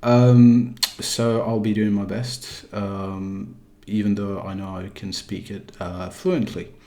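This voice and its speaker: A man's voice: lowish voice, little pitch movement, takes it slowly, dark tone. A gaming YouTuber, a man using a put-on British accent, talks casually over gameplay footage in a rambling, hesitant way with frequent restarts.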